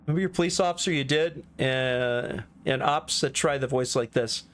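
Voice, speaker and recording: A man's voice: medium pitch, moderate pace, fairly bright tone. A man from Texas with a Texan accent, chatting and rambling as he streams a game. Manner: chatty, rambling, self-correcting. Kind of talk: casual live-stream chat.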